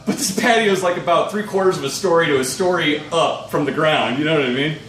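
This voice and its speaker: A man's voice: on the high side, fast, a bit bright. A young man telling a rambling, profane personal anecdote, laughing through it as he goes. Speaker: storyteller. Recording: echoey room, distant mic, faint noise.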